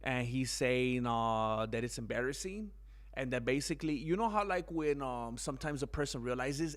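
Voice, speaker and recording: A man's voice: medium pitch, normal speed. A man hosting a casual combat sports news vlog, rambling and slangy, calling his viewers "bro". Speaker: channel host.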